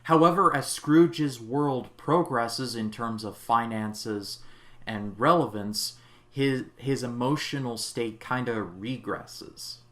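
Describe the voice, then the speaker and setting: A man's voice: medium pitch, takes it slowly, a bit bright. A young man giving a casual, earnest movie review, chatty and full of "like" fillers. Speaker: film reviewer.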